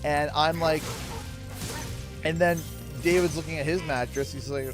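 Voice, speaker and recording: A man's voice: on the high side, moderate pace. Rambling, chuckling man streaming from home. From Canada. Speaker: gaming streamer. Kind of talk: casual livestream chat. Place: home office. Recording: game music playing behind.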